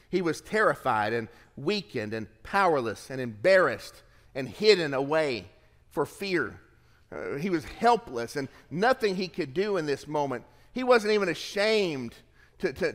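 A man preaching a sermon as pastor, reading scripture aloud with lively shifts of pace and emphasis. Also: fairly high pitch, long reverb tail.

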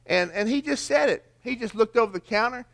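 A man's voice: very high voice, lively intonation, a little fast, fairly bright tone. An older man, preaching a sermon in a folksy storytelling way with rhetorical questions. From American South. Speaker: pastor.

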